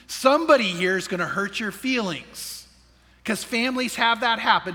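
Male pastor, high tenor, earnest sermon in a big reverberant church hall, quizzing the congregation. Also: moderate pace, bright, forceful tone. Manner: earnest preaching with questions to the congregation. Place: church sanctuary.

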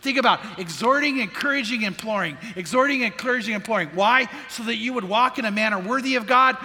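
Man, pastor, sermon, crisp bright tone, long church reverb. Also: extremely high pitch, fast. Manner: earnest preaching with questions to the congregation. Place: church sanctuary.

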